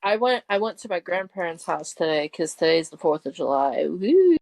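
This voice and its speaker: Easygoing young woman, fairly low voice. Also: lively intonation, a little fast, vocal fry, no room sound. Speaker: podcast co-host. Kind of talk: casual chat.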